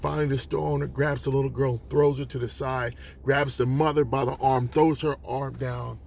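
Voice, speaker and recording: A man tells a devotional story in an earnest, unhurried monologue, dropping in fillers as he goes. His voice sits at a middling pitch for a man. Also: steady tone, creaky, darkish tone, a little hiss or hum. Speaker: christian storyteller.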